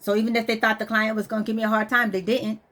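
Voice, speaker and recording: Racing along in a slightly high, fairly bright voice with a flat delivery, a woman vents on her vlog. She's blunt, stressed, tearful, and swears throughout this personal outburst.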